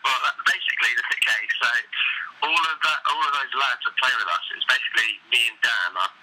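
A man's voice: medium pitch, fast talker, sharp tone, a little hiss or hum, poor audio. A young English man in a band, chatting in an interview, rambling with lots of fillers and casual swearing. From England. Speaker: band member.

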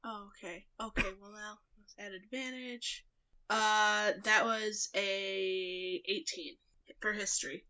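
A woman's voice: medium pitch, steady tone, slow, pushed and bright, lo-fi sound. A woman player at a tabletop game, talking expressively.

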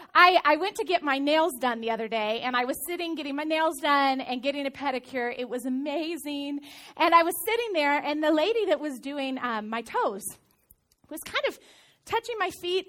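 Woman pastor, very high and bright voice, playful sermon storyteller. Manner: playful, self-mocking storytelling with bursts of excitement.

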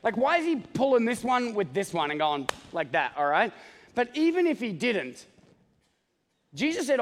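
A man preaching a sermon as pastor, joking and animated, often checking in with the congregation with "okay?". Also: very high voice, normal speed, long reverb tail. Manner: joking, animated, talks straight to the congregation with many "okay?" asides.

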